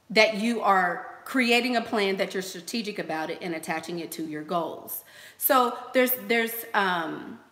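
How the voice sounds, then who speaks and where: A woman's voice: medium pitch, fairly bright tone, roomy sound. A woman hosting a casual livestream, giving advice in a chatty way, repeating phrases and using lots of fillers. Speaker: host.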